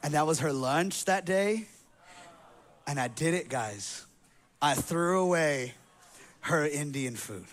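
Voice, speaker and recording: A man with a high voice preaches from a church stage, speaking into a microphone. He tells a humorous personal story in a loose, slangy, conversational way, joking with his congregation before turning to his point. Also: expressive, slow, pauses often. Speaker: pastor. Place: church sanctuary.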